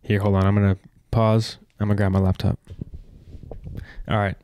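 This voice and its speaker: A man co-hosting a podcast in casual chat, relaxed, blunt and joking. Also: lowish voice, moderate pace, a little hiss or hum. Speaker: podcast co-host. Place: studio. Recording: dry close studio mic.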